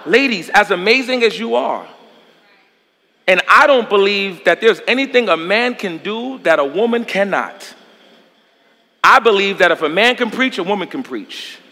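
A man's voice: sits high, lively intonation, moderate pace, bright, forceful tone. Male pastor, sermon, emphatic call-and-response, long hall reverb.

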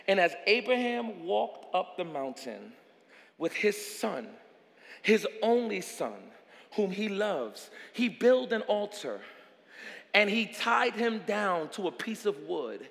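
A man preaching a sermon with drama, repeating phrases and swinging from hushed words to shouting. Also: high voice, sing-song, takes it slowly, creaky, big-room sound.

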